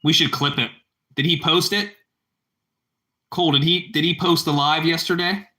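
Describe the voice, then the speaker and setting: Man, livestream host, bright tone, loose rambling chat, repeats lines. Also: a little high, steady tone, normal speed. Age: adult parent. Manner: rambling, repetitive, calls viewers bro. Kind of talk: casual livestream chat with viewers.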